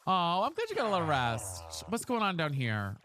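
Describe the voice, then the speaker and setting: A game streamer chatting live with viewers while playing, profane and excitable, swinging between low grumbles and loud squeals. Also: normal speed.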